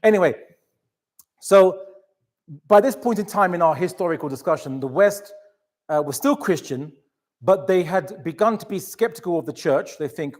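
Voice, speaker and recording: Male lecturer, lightly raised pitch, chatty and animated, lots of asides. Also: normal speed. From England. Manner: animated, chatty storytelling with many restarts and asides. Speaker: Islamic lecturer. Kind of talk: lecture to a live audience.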